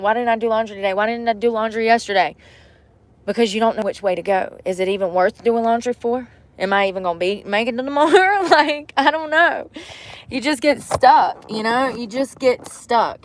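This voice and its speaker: A young woman, chatting casually to camera from inside a vehicle, often dropping to soft mutters. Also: a little high. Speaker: vlogger. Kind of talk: casual vlog talk to camera. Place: inside a vehicle bed at night.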